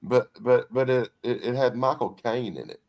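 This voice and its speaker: A man with a middle-pitched voice who gushes about films he loves, stumbling and restarting as he goes. He speaks in easy, casual conversation. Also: expressive, normal speed, a little mellow. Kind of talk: casual chat.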